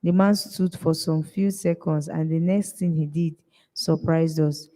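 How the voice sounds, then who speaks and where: A woman's voice: deep voice, steady tone, measured pace, warm tone, big-room sound, poor audio. A woman from Nigeria with a Nigerian accent, reading a story aloud and shifting her tone slightly for each character's lines. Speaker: reader.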